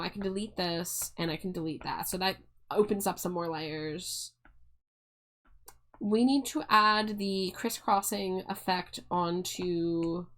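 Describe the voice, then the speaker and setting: A young woman on a live stream with an everyday mid-range voice. She talks in a loose, chatty way, giggles a lot and stumbles over her words to restart a phrase. The talk sounds relaxed and unscripted. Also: mid-range voice. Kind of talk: casual live-stream chat.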